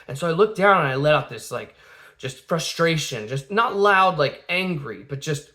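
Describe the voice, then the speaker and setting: A man's voice: fairly high pitch, lively intonation, normal speed, sharp tone. A man in his thirties, a father telling a family story in a casual, rambling way, full of fillers and restarts, acting out the quotes.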